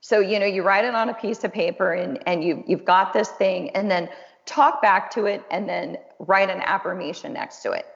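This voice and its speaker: A woman's voice: medium pitch, normal speed, vocal fry. A woman host and counselor talking casually and encouragingly, with a chatty, self-deprecating way of speaking. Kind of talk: casual conversational webinar talk. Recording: dull lo-fi audio with long reverb.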